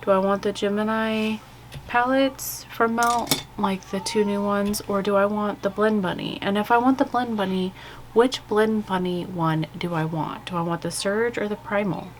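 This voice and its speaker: A woman's voice: mid-range voice, fairly even intonation, moderate pace, slight background noise. A woman vlogging casually as she does her makeup, chatty and candid, rambling with lots of "like" and "you guys". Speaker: beauty vlogger. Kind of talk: casual chat while doing makeup. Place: home with kids' video playing behind.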